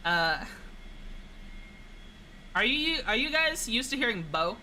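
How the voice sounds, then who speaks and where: A woman's voice: fairly high pitch, very animated, slow, pushed and bright, a little hiss or hum, poor audio. A young woman streaming a flight game, chatting casually and teasing her chat in a playful way.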